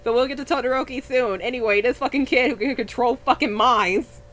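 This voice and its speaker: Woman co-host, casual anime chat, higher-pitched, profane, stumbles on names. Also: brisk, fairly bright tone. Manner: chatty, swears freely, trips over names.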